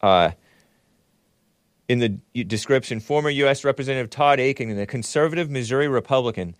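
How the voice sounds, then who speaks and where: A male host riffing on his own commentary show, mocking and heated. He jumps between loud bursts and low grumbles. The voice sits at an ordinary pitch and comes through dry and close, with no room echo. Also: fairly quick.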